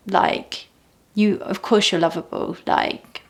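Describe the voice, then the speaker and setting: A young woman talking casually and reflectively about meditation, often dropping to soft near-whispers. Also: mid-range voice, lively intonation, a little slow. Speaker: meditation teacher.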